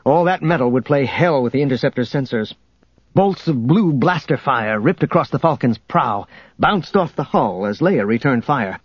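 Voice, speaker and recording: A man narrating an audiobook in a steady storytelling manner, in a dull, dry recording. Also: medium pitch, moderate pace, slightly rough, no echo.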